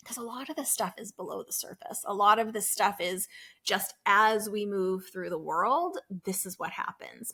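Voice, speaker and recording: Bright, chatty American woman host. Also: medium pitch. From Boston area, US. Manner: chatty, earnest, many fillers and self-corrections. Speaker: podcast host. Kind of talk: solo podcast chat.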